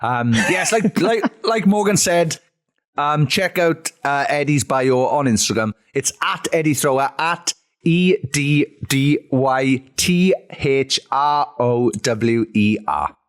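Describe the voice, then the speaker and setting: Lively, sweary podcast co-host. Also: male voice, mid-range voice, slow. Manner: sweary, laughing, playful banter. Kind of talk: casual chat. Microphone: video call.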